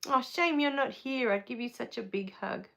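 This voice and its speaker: A woman's voice: on the high side, normal speed, vocal fry. A middle-aged woman hosting a live stream, chatting casually as she reads viewer comments, easily moved to tears. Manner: relaxed with frequent fillers.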